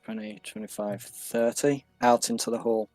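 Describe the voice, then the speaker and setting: A man's voice: medium pitch, fairly even intonation, darkish tone, no echo, soft background music. A man narrating as game master in a casual tabletop game, counting out moves as he goes. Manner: measured, counts movement squares aloud.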